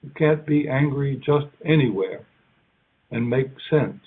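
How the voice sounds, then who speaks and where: A man delivers a keynote lecture, talking slowly and conversationally, pausing and restarting as he acts out small quoted exchanges. His voice is husky, at a middling pitch for a man. The recording is narrow and tinny, like a phone line. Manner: conversational, halting, acts out little quoted lines. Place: lecture hall.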